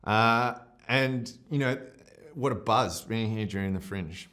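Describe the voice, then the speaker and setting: A very deep-voiced Australian man speaks in a festival interview about his film. He gushes and rambles, often stopping to restart a thought. His tone is openly emotional and self-deprecating. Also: measured pace, bright, forceful tone. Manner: effusive, rambling, with frequent fillers and restarts. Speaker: film director.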